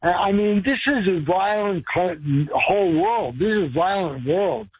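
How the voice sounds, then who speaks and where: A man who is a regular guest on a radio show, chatting casually in an easygoing, halting way with frequent repeats. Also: sits high, expressive, breathy edge. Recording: dull lo-fi radio audio, faint music.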